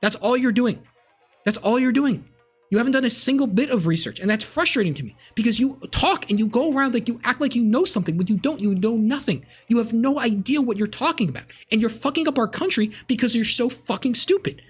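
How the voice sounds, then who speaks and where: A man's voice: extremely high pitch, lively intonation, fast, few pauses, breathy edge, faint music behind. A man in his twenties, a streamer, ranting angrily at his live chat with lots of swearing and repetition. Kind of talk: heated rant to live chat.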